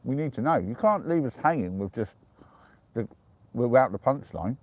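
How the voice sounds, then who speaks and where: An English man chatting casually on a live stream from the dark woods at night, giggling as he reads out viewer jokes. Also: medium pitch, animated, normal speed, dry recording, dull audio. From England.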